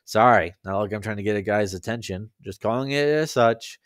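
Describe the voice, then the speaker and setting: A man's voice: on the low side, fairly quick, dry recording, clean studio sound, lightly acted. A man reading aloud, voicing a careless, blunt teenage girl who teases and jokes. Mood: teasing. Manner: blunt, teasing, laid-back.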